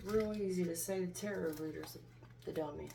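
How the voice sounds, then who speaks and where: A woman's voice: fairly low pitch, a little fast, gravelly, far from the mic, heavy background noise. A woman giving an angry, confrontational tarot reading, preaching and swearing as she goes. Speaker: tarot reader.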